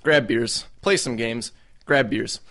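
A man's voice: mid-range voice, takes it slowly, a bit bright. A young man casually telling a profane story on a podcast, laughing as he goes. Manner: profane, laid-back, laughing through the story. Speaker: podcast co-host.

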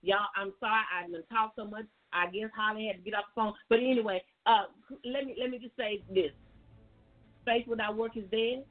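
A woman's voice: medium pitch, fairly even intonation, fairly quick. A woman gives a folksy, preachy faith testimony as a guest on a call-in show, talking straight to her listeners. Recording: tinny phone line with faint music.

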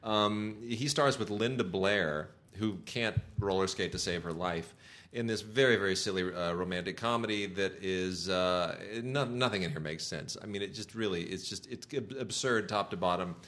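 A man's voice: sits low, moderate pace, a bit bright. A middle-aged man co-hosting a casual talk show, enthusiastic and sarcastic, with lots of fillers and restarts. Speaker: podcast co-host reviewing home video releases. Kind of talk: casual chat.

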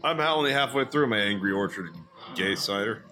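A man co-hosting a podcast in casual chat, running a quiz and sometimes rattling off words fast. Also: lowish voice. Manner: lively, quizzing, sometimes rapid. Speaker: podcast co-host.

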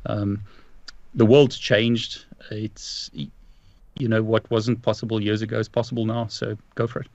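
A man with a South African accent, his voice gravelly and a little fried at the bottom, speaking in a measured, encouraging way as a podcast guest. The recording sounds dull and lo-fi, and dry with no room echo. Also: lowish voice, flat delivery. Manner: measured, encouraging, searching for words. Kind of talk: casual chat.

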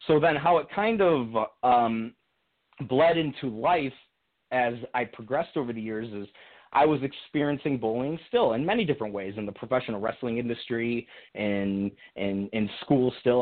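Earnest man on a tinny phone line. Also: mid-range voice. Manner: reflective, earnest, many restarts and fillers. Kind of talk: casual conversational storytelling.

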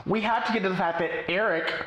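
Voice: medium pitch, fast talker, fairly bright tone, echoey room, low-quality recording. A person in casual chat recapping a film, blunt and incredulous, swearing freely.

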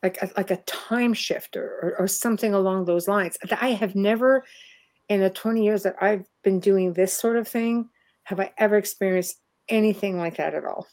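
A woman's voice: mid-range voice, normal speed, darkish tone. A middle-aged Canadian woman hosting a casual chat over a video call, talking freely and laughing often. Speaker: host.

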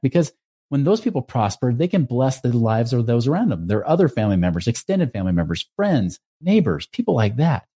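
A man's voice: mid-range voice, fast talker, slightly rough. A man hosting a podcast, earnestly telling a personal story and acting out the dialogue. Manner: earnest, animated retelling with acted-out dialogue. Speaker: podcast host.

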